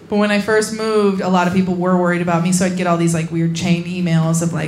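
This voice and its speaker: Young woman, stand-up comic, deadpan storytelling, from Indiana, live show with clear crowd noise. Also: lowish voice, fairly quick. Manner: deadpan storytelling, acts out quoted voices. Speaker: stand-up comedian. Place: comedy venue with a laughing audience.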